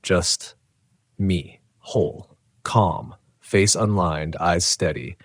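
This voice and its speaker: Deep-voiced man narrating horror. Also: dry recording. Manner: tense, dramatic, measured. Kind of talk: first-person horror story narration.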